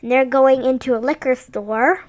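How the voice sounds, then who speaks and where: Cohost: woman, high voice, casual, eager plot chime-ins. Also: fairly even intonation, moderate pace, a little mellow. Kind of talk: casual chat retelling a movie.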